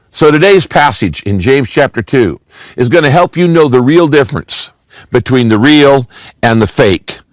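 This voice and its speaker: Older man, pastor, sermon, animated pitch, dry close sound, conversational preaching. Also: no echo. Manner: expressive preaching, conversational asides and scripture reading.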